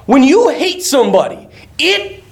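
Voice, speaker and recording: A man's voice: extremely high pitch, unhurried, vocal fry. A man preaching a conversational sermon, telling stories with frequent laughs and casual asides. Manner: animated, laughs often, casual "you know, like" asides.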